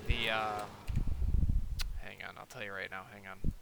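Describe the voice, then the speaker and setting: A man's voice: on the low side, level tone, normal speed, gravelly. A young man in his twenties telling a rambling, profane story in casual chat while gaming, full of fillers. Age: 20s. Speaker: gaming streamer. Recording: noisy background.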